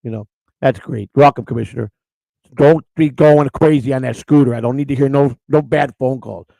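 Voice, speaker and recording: A gravelly man talks crudely and rambles, often stumbling over his words. His voice sits mid-pitched, and the recording is close and dry. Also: normal speed, dark tone, dry recording, poor audio. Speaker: co-host of a live-streamed morning show. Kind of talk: rambling casual chat reading live chat.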